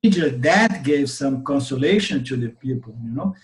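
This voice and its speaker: A man's voice: mid-range voice, lively intonation, brisk. A man whose first language is Portuguese, speaking with a Brazilian Portuguese accent, telling a teaching story in an online class and often checking in with "okay?". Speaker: Vedanta teacher. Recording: roomy webinar audio.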